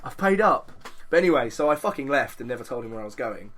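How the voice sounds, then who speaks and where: A man co-hosting a podcast, telling a lively anecdote in casual chat, swearing freely. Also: medium pitch, racing. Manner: animated, swearing, slips into put-on voices for anecdotes. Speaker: podcast co-host.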